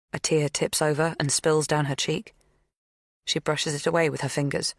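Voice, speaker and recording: A woman narrating an audiobook thriller in a measured, even scripted delivery. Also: low-pitched, no room sound, studio quality.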